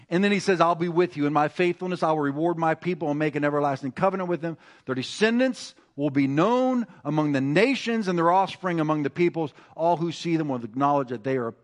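Man preaching with high-pitched, emphatic swings. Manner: emphatic preaching that swings from quiet to rising exhortation; conversational asides and repeated restarts. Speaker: pastor. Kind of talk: sermon.

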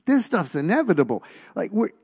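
A man's voice: high-pitched, very animated, brisk, a little mellow, husky. A man giving a conversational sermon, emphatic and asking his listeners questions. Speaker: preacher.

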